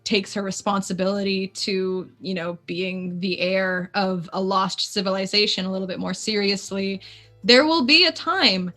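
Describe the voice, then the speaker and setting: Chatty woman with a bright voice. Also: medium pitch, moderate pace, soft background music. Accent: Canadian. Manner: lively, chatty, laughs often. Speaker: guest player. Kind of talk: casual chat on a live stream.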